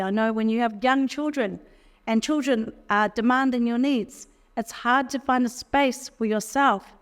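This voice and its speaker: A woman teaching a group in a casual, conversational way, with frequent fillers and key phrases repeated for emphasis. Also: on the high side. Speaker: workshop speaker.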